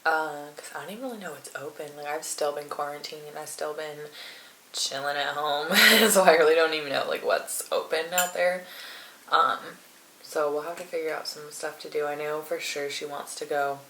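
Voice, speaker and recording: A woman's voice: sits low, moderate pace, sharp tone. A woman vlogger chatting casually while eating on camera, rambling with lots of fillers, in a room at home. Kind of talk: casual mukbang chat. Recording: roomy echo, faint noise.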